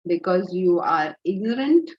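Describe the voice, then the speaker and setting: A woman with an Indian accent teaching a spiritual lecture, telling stories with lively energy and dropping into Hindi phrases. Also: fairly low pitch, measured pace. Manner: animated storytelling, slips into Hindi phrases. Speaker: Vedanta teacher. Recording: dull lo-fi audio.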